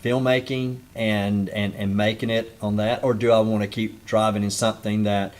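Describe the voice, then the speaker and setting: A man with a Southern accent hosting a casual interview show, speaking with hesitant fillers and warm praise for his guest. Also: fairly low pitch, level tone, moderate pace. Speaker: show host.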